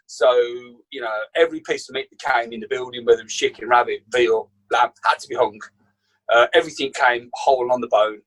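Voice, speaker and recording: Husky Birmingham man telling stories. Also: medium pitch, fairly quick, poor audio. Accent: Birmingham English. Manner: animated anecdote teller, acts out quotes. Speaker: chef guest. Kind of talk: casual storytelling.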